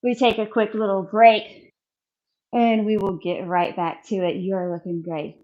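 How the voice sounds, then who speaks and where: Woman trainer leading a core workout, unhurried, encouraging, counts reps, slightly winded, mildly dull audio. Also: medium pitch, level tone. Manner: encouraging, counts reps aloud, demonstrates while talking. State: out of breath. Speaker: fitness instructor. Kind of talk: coaching a follow-along workout.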